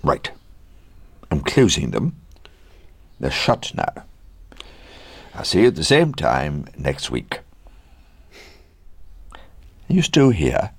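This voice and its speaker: A man in his sixties playing a dry, deadpan counsellor who also chats softly to his dog. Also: a bass voice, slow, vocal fry, pauses often, slightly rough, no echo. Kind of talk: scripted comedy dialogue.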